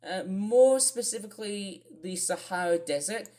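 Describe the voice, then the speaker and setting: This weather vlogger, a woman with an Australian accent, chats about the weather on her channel in a meandering way, full of fillers and side remarks. She speaks at an unhurried pace in a warm, medium-pitched voice with lively intonation.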